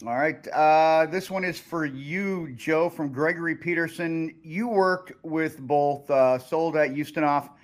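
Higher-voiced host reading listener questions. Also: male voice, measured pace, hardly any pauses. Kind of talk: casual podcast chat.

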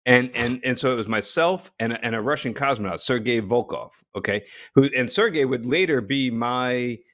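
A man from New Jersey telling a long story as a guest, animated, with frequent restarts and laughter. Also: medium pitch, normal speed. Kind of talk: casual storytelling.

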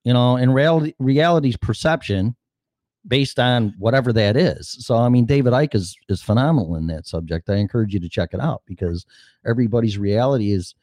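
Blunt, swearing man with a lively voice. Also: mid-range voice, dry recording, clean studio sound. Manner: blunt, swears a lot, quick restarts. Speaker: podcast host. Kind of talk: profane casual chat.

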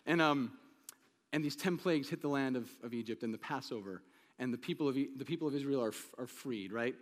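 A man's voice: mid-range voice, fast, big-room sound. A man preaching a conversational sermon to a congregation, asking them questions and acting out the quoted lines. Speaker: pastor.

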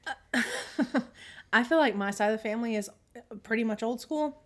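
A woman in her thirties co-hosting a podcast, telling stories in animated casual chat and acting out quotes, often clearing her throat. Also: on the high side, moderate pace. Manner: animated storytelling, acts out quotes. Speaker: podcast co-host.

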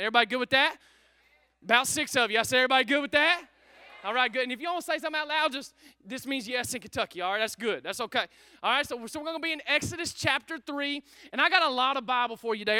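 High, bright-voiced pastor preaching. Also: male voice, clear, resonant tone. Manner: energetic, repetitive, calls out to congregation. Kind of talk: sermon. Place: church service.

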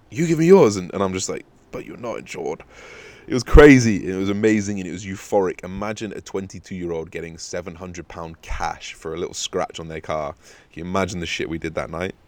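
A young man with a very deep voice hosts his podcast, spinning a sweary, animated anecdote. The sound is dry and close, with no room around it. He jumps into acted-out bits of dialogue as he goes. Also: dry recording. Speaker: podcast host. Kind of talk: casual storytelling monologue.

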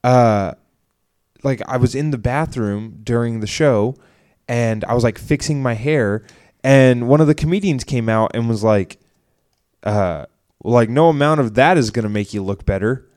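A young man co-hosting a comedy podcast, telling a long story in a rambling, animated way and acting out what others said. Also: medium pitch, measured pace. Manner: rambling, animated retelling with quoted voices. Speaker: podcast co-host. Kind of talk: casual storytelling chat.

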